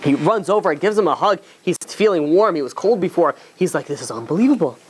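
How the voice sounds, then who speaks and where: A rabbi telling a story as a sermon at a brisk, quick clip. His delivery is loose and casual, full of fillers and restarts, and he briefly voices the characters as he goes. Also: high-pitched, a little hiss or hum.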